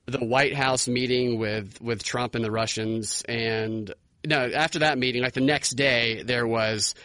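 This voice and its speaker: A man's voice: medium pitch, fairly even intonation, unhurried, pushed and bright, dry recording. A man hosting a podcast, talking in a casual, wry way. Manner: wry, does mocking impressions. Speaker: podcast host. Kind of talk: casual political chat.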